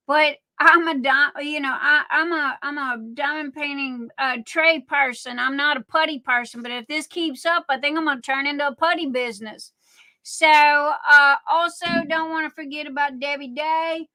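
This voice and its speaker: A woman's voice: high-pitched, sharp tone. A middle-aged woman with a Southern US accent, hosting a casual craft livestream and chatting in a rambling way with lots of fillers. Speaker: livestream host selling crafts. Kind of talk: casual live-stream chat.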